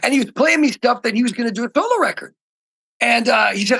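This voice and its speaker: High, gravelly-voiced middle-aged man, excitable. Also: fast talker. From Oregon. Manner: excitable storyteller, swings from shouting to hushed. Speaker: guest musician. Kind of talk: casual interview chat.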